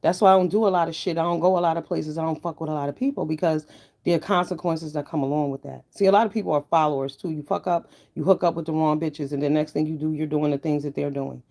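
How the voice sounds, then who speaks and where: A woman ranting to her viewers in a blunt, profane, heated way, swinging from low mutters to loud outbursts. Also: steady tone, fast. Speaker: online commentator. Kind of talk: ranting commentary vlog.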